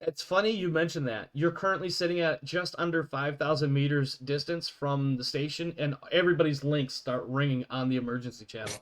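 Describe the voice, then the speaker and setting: A man's voice: on the high side, a little fast, hardly any pauses, fairly bright tone. A man narrating a tabletop game as game master, chatty and self-deprecating, laughing often.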